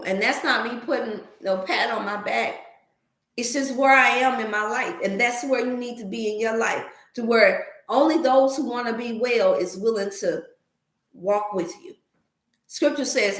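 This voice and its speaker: A woman's voice: a little high, a bit bright, roomy sound. A woman host telling a funny story in a casual livestream, laughing often and slipping into preachy asides. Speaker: wellness channel host.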